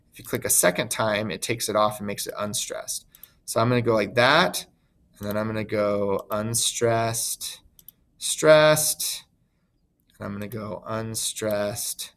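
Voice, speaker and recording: Casual man teaching a screen lesson. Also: medium pitch. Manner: relaxed, informal, many ums and uhs. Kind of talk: recorded online lesson, screen demonstration.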